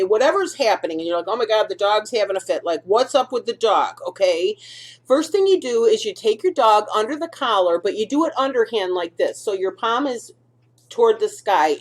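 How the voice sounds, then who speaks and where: A woman's voice: mid-range voice, a little mellow. A middle-aged woman hosting a dog-care video, talking casually through instructions and often checking in with "okay?" and "do you see?".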